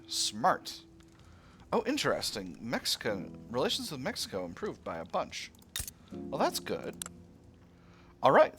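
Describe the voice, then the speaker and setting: Guy narrating his strategy game, casual and thinking out loud, soft music in the back. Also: medium pitch. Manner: chatty, thinks aloud with fillers and playful asides. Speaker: strategy game let's player. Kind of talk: casual gameplay commentary.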